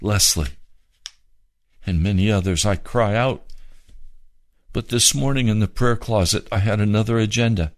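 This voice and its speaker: A man preaching a sermon, fervent and pleading, with slow drawn-out emphasis. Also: on the low side, no room sound.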